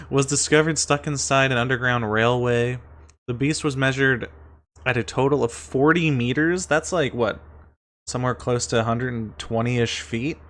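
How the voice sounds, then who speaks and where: A man giving casual reaction commentary as a streamer, animated, thinking aloud and laughing often. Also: medium pitch.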